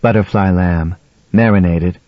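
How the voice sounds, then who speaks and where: A man voicing an insistent, sharp-tongued wife hosting a dinner, in a dull, dry audiobook recording. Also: sits low, fairly even intonation, measured pace, no echo.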